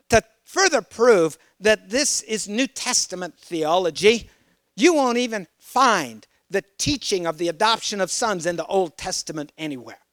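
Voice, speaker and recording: A man delivers a sermon in a high, smooth, resonant voice, recorded close and dry. He reads scripture aloud, quizzes his listeners and pushes key points with emphatic force. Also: dry recording. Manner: emphatic, rising to loud exclamations; asks the congregation questions. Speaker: preacher.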